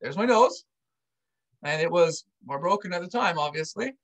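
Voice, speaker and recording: High-voiced man telling an army story. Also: moderate pace, rough recording. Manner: animated, acts out dialogue. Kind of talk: casual storytelling to camera.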